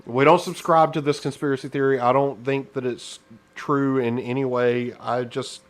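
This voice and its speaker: A man's voice: medium pitch, steady tone, moderate pace. Rambling sarcastic man co-hosting. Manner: rambling, sarcastic, restarts often. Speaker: podcast co-host. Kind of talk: casual political chat.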